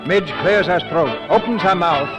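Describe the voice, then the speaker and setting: Old-time radio announcer, man, slightly high voice, measured, loud music behind. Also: rough recording. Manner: measured and formal. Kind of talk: scripted radio narration. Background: orchestra music.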